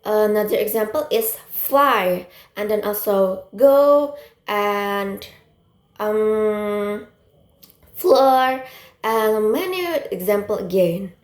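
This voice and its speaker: A woman's voice: medium pitch, takes it slowly. A young woman giving a classroom presentation, explaining plainly with hesitant fillers. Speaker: student presenter. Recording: roomy echo.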